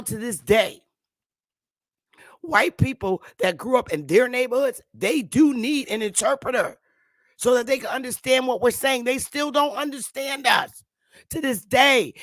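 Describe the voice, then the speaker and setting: A woman's voice: fairly high pitch, fairly bright tone, no room sound. Emphatic middle-aged woman, dry close sound. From Connecticut, United States. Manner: emphatic, insistent, repeats her points. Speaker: online talk show host. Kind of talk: livestream monologue.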